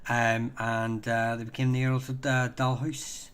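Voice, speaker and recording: A man hosting a casual live stream, answering viewer questions in a halting way, full of ums and restarts, chatty and self-deprecating. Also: medium pitch, monotone, a bit bright, clear, resonant tone.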